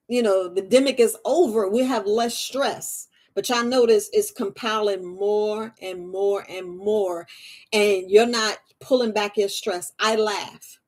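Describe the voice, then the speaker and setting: Woman, herbalist host, casual live-stream chat, fairly high voice, frequent laughter. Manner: chatty, laughs often, repeats phrases.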